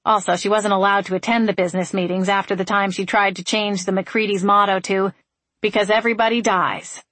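A woman narrating an audiobook in an even, wry storytelling manner. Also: medium pitch, brisk, no echo.

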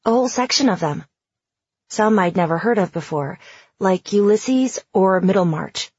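Woman narrator, husky, dry close mic, dull lo-fi audiobook reading in first person. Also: medium pitch, animated, normal speed, darkish tone, no echo.

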